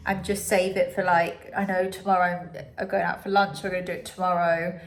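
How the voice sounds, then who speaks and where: A young woman from the UK talks into her phone camera at home, her nose clearly congested and blocked. She rambles in a casual, chatty way, full of fillers and little asides. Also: fairly low pitch, level tone, a little fast. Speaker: vlogger. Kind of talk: casual recovery vlog.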